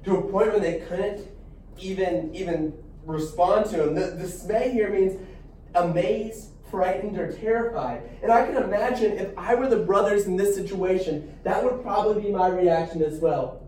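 A young man teaching a Bible class in a lively, animated way, acting out the story with restarts and asides. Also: sits high, normal speed, a little hiss or hum. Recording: echoey room from far off.

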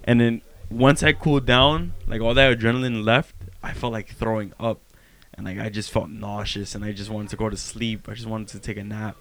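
A man's voice: fairly low pitch, fairly even intonation, brisk, fairly bright tone, no echo. A young man telling a story in casual chat, slangy and laid-back, often repeating his words.

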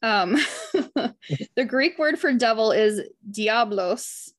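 A woman's voice: a little high, lively intonation, slow pace. Earnest woman leading a Bible study. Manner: earnest and heartfelt, chatty with frequent "like". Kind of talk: casual Bible study discussion, reading passages aloud.

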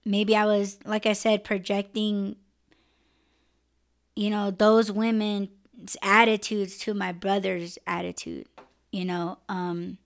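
A woman's voice: medium pitch, little pitch movement, slow. A woman hosting a live-stream podcast, talking candidly and emotionally and swearing freely. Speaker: podcast host.

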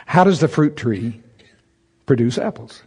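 A man preaching to a church congregation, mixing scripture with a funny personal story. His delivery is animated, with laughter breaking in, and his voice leaps high and loud at the excited moments. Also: a little slow, breathy edge. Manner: humorous, laughs through his own stories. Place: church service before a congregation.

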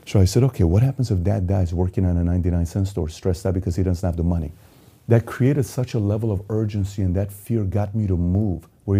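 Intense motivational guy, dark husky voice, goes loud then real quiet. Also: fairly low pitch. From Iran. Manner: intense, swings from loud urgency to quiet emotion. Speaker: motivational speaker. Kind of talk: motivational monologue.

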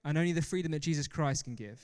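A young man delivers a sermon in a large church hall, his smooth, clear voice trailing into a long reverb. He talks in an animated way and breaks off for self-mocking laughs. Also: fairly high pitch, fast talker. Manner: animated, laughs often, self-deprecating asides. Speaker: preacher.

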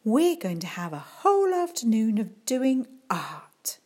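A woman voicing a sweet-sounding but scheming female teacher who is secretly a monster, speaking in a soft, breathy whisper. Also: on the high side, big pitch swings, unhurried, voice pushed up. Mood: sugary.

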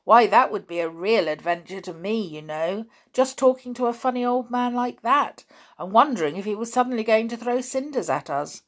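A woman's voice: moderate pace, close to an everyday voice. Woman doing an eager adventure-hungry boy. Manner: eager, breathless, pitched up.

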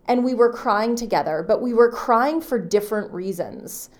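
A woman's voice: on the high side, expressive, normal speed, a little mellow. Earnest woman sharing a personal story. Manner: earnest and heartfelt, with frequent "you know" and restarts. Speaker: podcast host. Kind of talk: personal reflective monologue.

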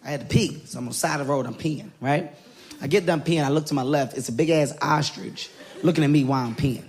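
A man telling an animated comedy story on stage, laughing through it. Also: fairly high pitch, quick pace. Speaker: stand-up comedian. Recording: live crowd and background noise. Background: audience laughter.

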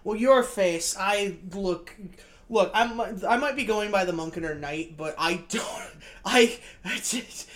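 A man with a high, girlish-sounding voice co-hosting a casual podcast, rambling, self-deprecating and swearing freely. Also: slow pace, fairly bright tone. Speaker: podcast co-host.

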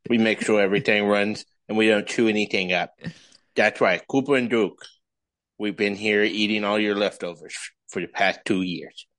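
A man's voice: fairly low pitch, steady tone, normal speed, fairly bright tone, no echo, lightly acted. A man voicing his pet dog as a boastful, playful character in a dry, close recording. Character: talkative pet dog, cheeky and proud.

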